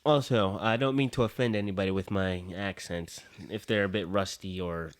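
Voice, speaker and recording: A man's voice: low-pitched, steady tone, normal speed, smooth. A man as a podcast guest in casual chat, hesitant and rambling with many fillers.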